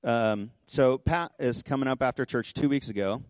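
A man pastor giving a sermon in a church, telling a story conversationally with quick asides. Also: medium pitch, smooth, no echo. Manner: impassioned, rising to near-shouting pleas. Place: church sanctuary.

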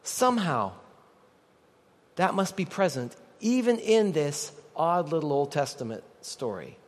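High-voiced pastor in a hall. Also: male voice, big pitch swings, a little slow. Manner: conversational, joking with the congregation. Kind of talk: sermon. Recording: long reverb of a large hall.

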